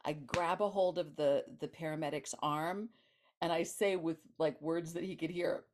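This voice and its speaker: A woman guest author in an interview, telling a personal story in an animated way, laughing and acting out the voices of others. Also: deep voice, moderate pace.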